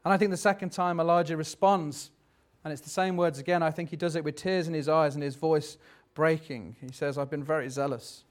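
A man's voice: on the high side, steady tone, fairly quick. A man preaching a sermon in a reflective, conversational way, turning dramatic when he reads scripture.

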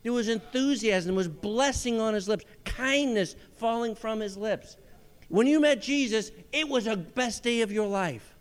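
A man preaches a lively sermon as pastor, and he jumps into the voices of the people in his story. His voice sits fairly high. A long hall reverb trails each phrase. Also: a little slow, clear, resonant tone. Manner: animated preaching, acts out quoted voices.

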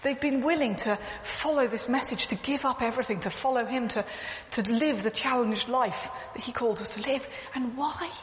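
A woman's voice: fairly high pitch, moderate pace, few pauses. Earnest woman preaching in an echoey hall. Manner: earnest, emphatic storytelling with repeated phrases. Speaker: church speaker. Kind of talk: sermon. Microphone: clip-on mic, echoing. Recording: echoey hall, faint background noise.

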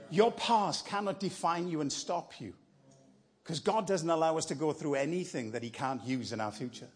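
A man's voice: fairly high pitch, normal speed, a little mellow, husky. A man preaching as a guest speaker in church, telling a story in a conversational, encouraging way. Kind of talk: sermon.

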